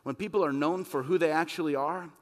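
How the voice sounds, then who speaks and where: A man's voice: on the high side, fast talker. Impassioned male pastor in reverberant hall. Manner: impassioned, rising to emphatic peaks. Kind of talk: sermon. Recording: long reverb of a church hall.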